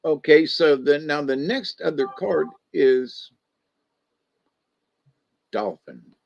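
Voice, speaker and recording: A man's voice: on the high side, slow, vocal fry, no echo, lo-fi sound. A man telling folk stories and animal lessons in a rambling, folksy way, full of asides. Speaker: storyteller. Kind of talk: casual spoken storytelling.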